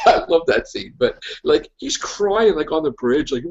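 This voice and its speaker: A man's voice: a little high, animated, normal speed, lo-fi sound. A man hosting a casual podcast chat, ranting emphatically and repeating his points. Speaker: podcast host.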